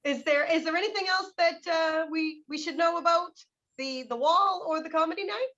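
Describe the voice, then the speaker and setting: A woman's voice: extremely high pitch, normal speed, a bit bright. A woman hosting an interview, upbeat and plugging an event. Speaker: host. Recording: dull lo-fi sound.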